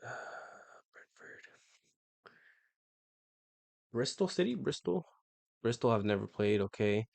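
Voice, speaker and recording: A man's voice: medium pitch, very animated, normal speed, creaky, a little mellow, no echo. A young man streaming himself taking a football quiz, muttering to himself and swearing when he gets stuck. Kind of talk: live-stream quiz commentary.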